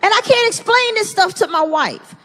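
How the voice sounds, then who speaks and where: A middle-aged woman doing stand-up on a big theater stage, her voice pitched high and swooping all over the place. She performs live into a stage mic, with a long hall reverb trailing each line and audience laughter underneath. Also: normal speed, a faint crowd, a little hiss or hum. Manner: animated, swings into loud high-pitched put-on voices for punchlines. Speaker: stand-up comedian. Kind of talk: stand-up comedy set. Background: audience laughter and ambience.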